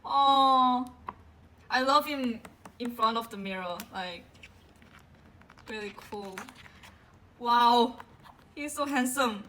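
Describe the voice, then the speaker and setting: A woman with a bright, sharp voice pitched a little high gushes her way through an album unboxing. She gasps often and speaks slowly, stretching her words out between fillers. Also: a little hiss or hum, poor audio. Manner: excitable, gasps often, gushing; slow, drawn-out delivery with frequent fillers. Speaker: vlogger.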